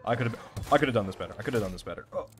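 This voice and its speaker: A young man giving casual, excitable gameplay commentary, swearing often and talking to himself as he plays. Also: on the low side, racing, over music. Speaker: let's play gamer.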